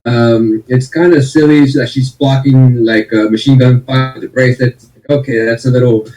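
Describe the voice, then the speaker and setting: A man's voice: medium pitch, fairly even intonation, normal speed, dark tone, faint music behind, low-quality recording. A man giving his film review in a casual livestream chat, easygoing and hesitant with many ums.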